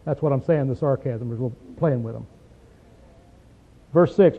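A man preaching a conversational Bible study in a folksy, emphatic way, often checking in with "see?" and "okay?" and clearing his throat. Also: mid-range voice, moderate pace, pauses often. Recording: tinny phone-like sound.

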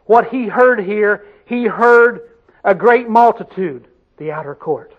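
A man's voice: sits high, takes it slowly, dull audio. A man preaching a sermon, emphatic, putting questions to his congregation and answering them himself.

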